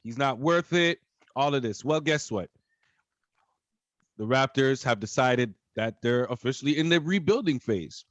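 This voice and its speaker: A man from Canada co-hosting a podcast, talking casually in a rambling, animated way full of fillers. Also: medium pitch, unhurried, no echo. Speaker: podcast co-host. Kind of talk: casual chat.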